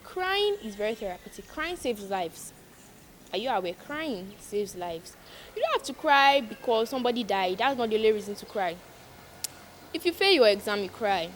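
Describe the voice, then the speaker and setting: A woman's voice: a little high, animated, normal speed, slight background noise. A young woman vlogger giving emphatic, preachy advice to her viewers, repeating lines for stress. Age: young adult. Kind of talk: casual advice monologue to viewers.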